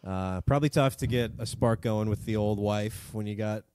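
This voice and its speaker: A man's voice: on the low side, moderate pace, darkish tone, a little hiss or hum. A man co-hosting a casual comedy history podcast, joking and rambling, swearing freely, feeling cold. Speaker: podcast co-host.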